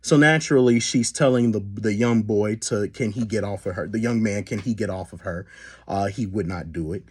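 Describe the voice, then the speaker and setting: A man's voice: lowish voice, darkish tone. A man hosting a solo commentary podcast, talking with many fillers and restarts. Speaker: podcast host.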